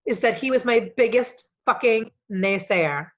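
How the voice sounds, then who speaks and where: A woman guest on a coaching podcast, telling personal stories in an animated, emotional way, swearing freely and rambling as she goes. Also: fairly high pitch, unhurried. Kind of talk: casual storytelling conversation.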